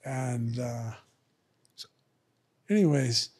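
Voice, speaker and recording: A man's voice: mid-range voice, lively intonation, a little mellow, husky. A middle-aged man telling profane stories on a podcast, acting out other people's lines in a raised voice. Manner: profane, drawn-out slang. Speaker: podcast guest. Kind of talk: storytelling in casual talk.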